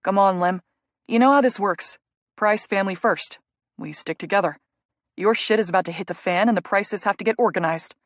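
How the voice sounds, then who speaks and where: Lady reading as a wry teasing twin bro in an audiobook, middle-pitched, dry sound. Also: no echo, lightly acted. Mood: firm. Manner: wry, teasing, quick banter. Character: teasing protective young adult twin brother. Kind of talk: audiobook narration.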